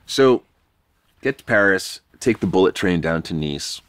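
A man's voice: sits low, lively intonation, a little slow, fairly bright tone, no echo. A man from New York, a podcast guest, telling a rambling, self-deprecating story in a casual, swearing way.

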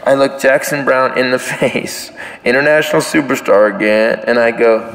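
A male stand-up comedian telling a story live on stage, animated and self-mocking, breaking into sudden shouts. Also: on the high side, fairly quick, very noisy. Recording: reverberant live hall recording.

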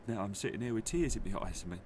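A man voicing a man's farewell letter to his wife, tender and halting, with game ambience clearly behind. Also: lowish voice, darkish tone, slight background noise, natural voice.

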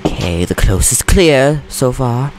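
A man's voice: mid-range voice, expressive, unhurried, background noise. A man casually commenting on his own gameplay, goofy and chatty, giggling often and getting jumpy and nervous. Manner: jumpy, nervous about threats. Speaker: gaming channel host. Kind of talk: Let's Play commentary.

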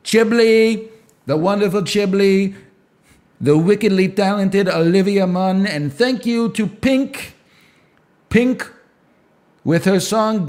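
A man's voice: high voice, a little mellow, voice pushed up. A bragging older showman politician, put on by a man for laughs on a stream. He announces and repeats names like a rally emcee. The voice sits raised and pushed well above his usual speech. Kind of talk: comedic impression on a stream.

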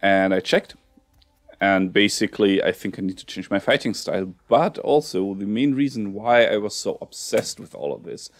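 Low, gravelly man chatting over a game. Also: normal speed, no echo. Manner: rambling, chatty, self-mocking. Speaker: let's play host. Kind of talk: casual gameplay commentary. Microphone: headset.

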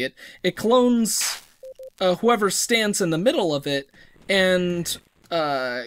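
Lively with a jumpy pitch, this gamer talks casually over his let's-play footage, poking fun at himself. His sentences frequently trail off and start over, over a faint background hiss or hum.

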